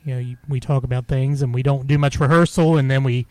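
A man of medium pitch talks easygoingly on a podcast, laying out how the show runs. His voice is dry and close, with no room sound. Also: steady tone, fast talker, darkish tone, no room sound. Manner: easygoing, explains the show format. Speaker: podcast co-host, moderator. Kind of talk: casual chat.

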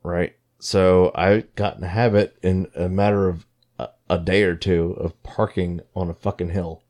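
A man in casual chat, telling stories in an animated, profane way. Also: deep voice, moderate pace.

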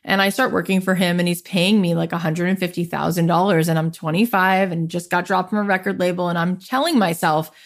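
A woman's voice: on the low side, a little fast, hardly any pauses. A woman in her thirties, a podcast guest, telling her life story in an interview and acting out what people said to her. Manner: animated, acts out quoted voices in her story.

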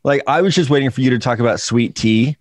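A man's voice: mid-range voice, quick pace, no echo, studio quality. A man co-hosting a podcast in casual chat, teasing and joking with his co-hosts. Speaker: podcast co-host.

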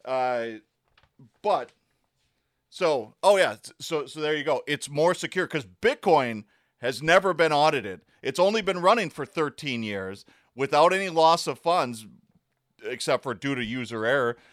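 A man's voice: a little high, animated, a little slow, a bit bright, no room sound, studio quality. A man hosting his own podcast, ranting in a sarcastic, worked-up way and swearing often. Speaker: podcast host. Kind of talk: casual ranting commentary.

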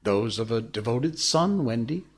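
Storybook boy, earnest and puzzled, voiced by a male reader, breathy and lively. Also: mid-range voice, a little slow. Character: boy Peter, puzzled and boyish.

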